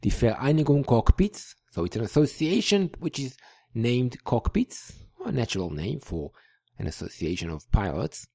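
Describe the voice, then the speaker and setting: A man hosting a podcast language lesson, explaining word by word and repeating each word slowly. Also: mid-range voice, big pitch swings, vocal fry, mellow, no echo, studio quality. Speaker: language teacher.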